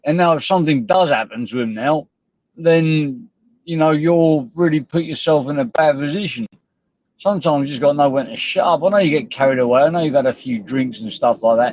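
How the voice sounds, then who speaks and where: A man's voice: a little high, no echo, lo-fi sound. Sweary man ranting on a livestream. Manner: sweary, confrontational, rambling. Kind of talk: livestream rant.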